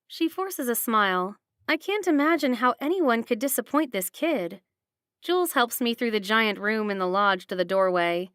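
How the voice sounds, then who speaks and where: A woman reading a first-person romance audiobook with steady, expressive narration. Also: on the high side, moderate pace, smooth, no echo, studio quality.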